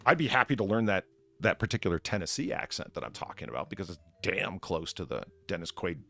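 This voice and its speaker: A man hosting a casual live stream, chatting with guests and thanking viewers in a rambling, animated way. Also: low voice, quick pace, vocal fry. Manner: rambling, animated, many restarts. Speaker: streamer host playing bartender.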